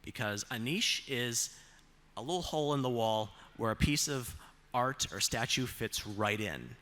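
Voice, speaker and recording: Brief: man of mid pitch, presenter with slides, measured and deliberate, stretches key phrases, asks the room rhetorical questions. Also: expressive, pushed and bright. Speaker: self-advocate presenter on autism.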